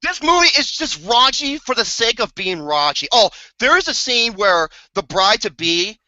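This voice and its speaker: A bright, forceful voice rants through a movie review, swearing often and breaking into mock-outraged outbursts. The audio is dull and lo-fi, recorded close and dry with no room sound. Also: mid-range voice, sing-song, moderate pace, no echo. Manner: profane, exasperated, theatrical outbursts. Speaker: podcast co-host reviewing a movie.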